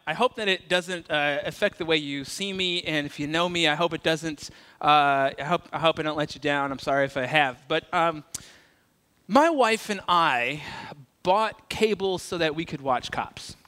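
A male pastor gives a conversational sermon with a high, bright voice. He keeps it light with jokes and stories. The sound carries a long church-hall reverb. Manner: conversational, joking storyteller.

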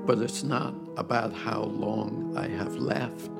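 An older man telling his personal testimony in a slow, reflective way over soft music. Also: fairly low pitch, fairly even intonation, vocal fry. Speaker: church member giving testimony. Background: soft instrumental music.

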